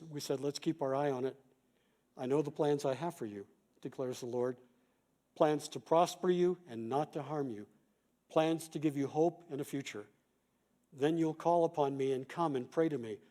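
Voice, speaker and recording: A middle-aged man, a pastor and chaplain, giving a calm, measured conference talk with quoted examples. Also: medium pitch.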